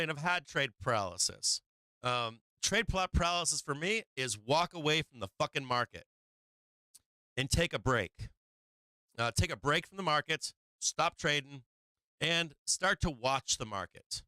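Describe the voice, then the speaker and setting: Bright, crisp man streaming market commentary. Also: a little high, no echo. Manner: profane, chatty, laughing while watching charts. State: strained, tiring voice. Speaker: livestream trading host.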